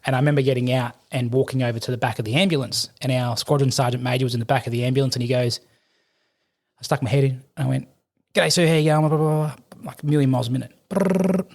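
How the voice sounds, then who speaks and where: There's vocal fry and a darkish tone to this middle-aged Australian's steady, mid-range voice. A veteran and firefighter guesting on a podcast, he rambles through rapid war anecdotes punctuated by laughter.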